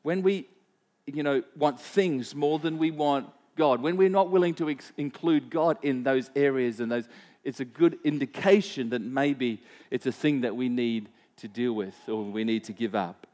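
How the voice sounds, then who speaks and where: A man's voice: medium pitch, moderate pace, a little mellow. A man preaching a sermon as pastor, conversational, telling personal stories and asking the congregation questions. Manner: personal anecdotes, frequent repeats and fillers.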